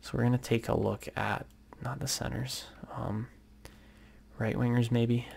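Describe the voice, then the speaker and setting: A man's voice: medium pitch, measured pace, vocal fry, husky. A young man giving casual gameplay commentary, thinking aloud with lots of ums and uhs as he plans his moves. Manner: relaxed, thinking aloud with many fillers. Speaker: gaming YouTuber.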